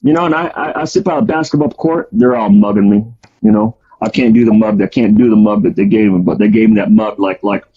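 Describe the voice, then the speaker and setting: A man's voice: on the low side, quick pace, slightly rough. A man casually telling a story about his past, with a rambling delivery full of fillers and restarts. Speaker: guest storyteller. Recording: dull lo-fi audio.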